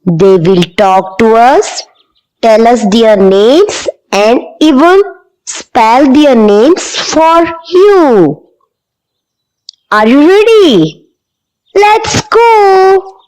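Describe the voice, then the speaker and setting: A woman hosting a children's learning channel, narrating in a bright, encouraging sing-song manner to little kids. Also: sits high, sing-song, very slow, smooth, poor audio.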